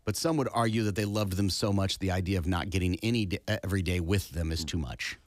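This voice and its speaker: A man's voice: deep voice, fast, no echo. Wry man telling a story, dry sound. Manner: storytelling, conversational, wry asides. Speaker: podcast co-host. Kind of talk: casual chat.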